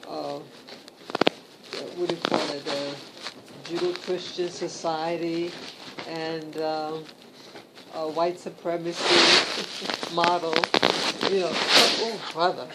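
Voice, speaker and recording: A woman vlogging casually from her bed at home, talking slowly with many fillers and restarts. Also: low voice, level tone. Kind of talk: casual talk to camera. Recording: loud background hiss.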